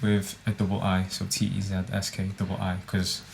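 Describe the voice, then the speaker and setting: A man's voice: deep voice, monotone, a little fast, vocal fry, a little hiss or hum. A young man, co-hosting a podcast and teasing his friends in dry slang. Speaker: podcast co-host. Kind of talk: casual chat.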